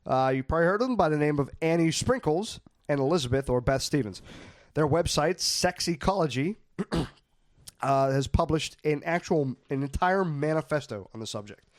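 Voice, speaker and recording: Man, podcast host, slightly high voice, dry close mic, joking banter. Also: lively intonation, normal speed, no room sound. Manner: jokey, reads facts aloud with stumbles.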